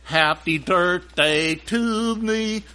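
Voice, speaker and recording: A boastful, greedy boy puppet voiced by a man in a church ventriloquist skit, stretching his words out in a slow sing-song. He sounds lively and bright, with a pitch that jumps around. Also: exaggerated voice. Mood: smug.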